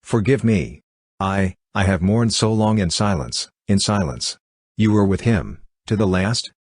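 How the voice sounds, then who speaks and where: Grieving young woman in an audiobook, earnest and mournful, voiced by a man in a low, husky register, dry sound. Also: expressive, measured pace, darkish tone, no echo. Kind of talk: audiobook character reading.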